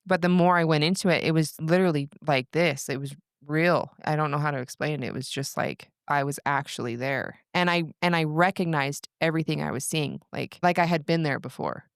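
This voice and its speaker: A woman's voice: deep voice, brisk, creaky, hardly any pauses, clean tone, no echo, clean studio sound. A young adult woman, a podcast guest, telling a personal story in casual chat, rambling with lots of "like" and restarts. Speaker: podcast guest, breathwork practitioner.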